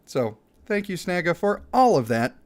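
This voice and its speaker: A man hosting a live game stream, chatting with viewers and thanking supporters, quick to laugh. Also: high voice. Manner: excitable, laughs easily, thanks viewers by name. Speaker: streamer and gaming channel host.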